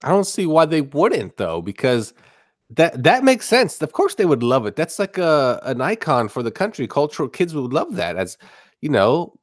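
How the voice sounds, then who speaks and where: Man co-hosting a stream, ranting and riffing at an average pitch, dry close sound. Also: dry recording. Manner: rambling, ranting, with a sarcastic punchline delivery. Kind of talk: casual live-stream chat.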